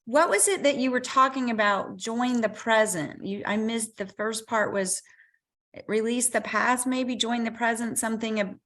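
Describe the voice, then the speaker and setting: A woman's voice: on the high side, normal speed, a bit bright. A woman hosting an interview on a video call, gushing with praise and thanks. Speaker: host.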